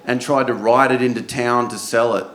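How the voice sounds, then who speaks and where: A man's voice: mid-range voice, fairly even intonation, moderate pace, a bit bright. A man with an Australian accent doing stand-up in a comedy club, talking in a loose, profane, conversational way. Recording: echoey club with audience noise.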